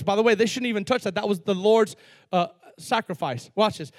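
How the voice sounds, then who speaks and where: High-voiced emphatic male pastor preaching. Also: big pitch swings, no room sound, studio quality. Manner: emphatic preaching with sudden loud bursts and slowed-down stresses. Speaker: lead pastor. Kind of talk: sermon.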